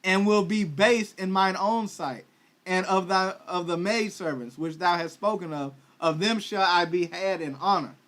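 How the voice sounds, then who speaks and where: High-voiced male preacher, streaming a Bible study; reads verses, then paraphrases them in slang. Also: moderate pace, fairly bright tone. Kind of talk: livestreamed Bible teaching. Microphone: livestream microphone.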